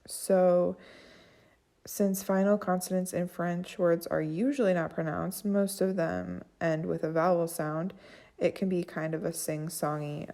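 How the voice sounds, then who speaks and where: A young woman gives a relaxed class presentation, speaking slowly with plenty of fillers. Her voice is low-pitched, dark and gravelly. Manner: unhurried, frequent fillers. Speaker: student presenter.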